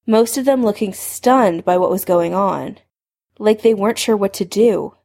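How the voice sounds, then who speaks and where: A woman narrating a fan fiction story in a steady storytelling voice. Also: mid-range voice, vocal fry. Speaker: reader.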